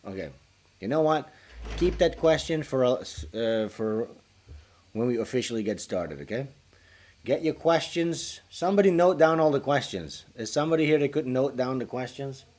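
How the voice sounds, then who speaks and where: A man hosting a casual livestream, talking in a crude, rambling, joking way with sudden loud bursts into a small studio microphone. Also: medium pitch. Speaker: livestream host.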